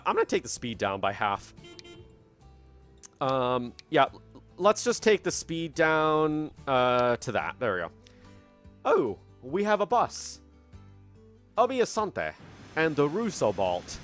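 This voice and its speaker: A young man talks through his gameplay in a lively, up-and-down voice pitched a little high for a man. He is chatty and self-mocking, thinking aloud with restarts into a desk microphone at home, and soft game music plays underneath. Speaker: gaming channel host. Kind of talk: casual gameplay commentary. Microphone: desk microphone at a computer.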